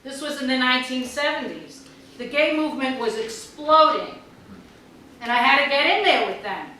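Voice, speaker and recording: A woman in her sixties from New York, telling stand-up stories in a blunt, deadpan way and swearing freely. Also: high voice, normal speed. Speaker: stand-up comedian. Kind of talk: stand-up storytelling. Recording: very echoey hall, distant mic, faint noise.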